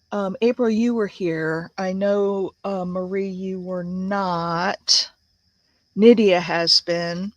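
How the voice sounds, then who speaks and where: A woman's voice: on the low side, no echo. A woman in her sixties chatting casually on a live stream, greeting viewers by name and using lots of fillers. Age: 60s. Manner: chatty, reads viewer comments aloud, many fillers. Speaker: crafts channel host.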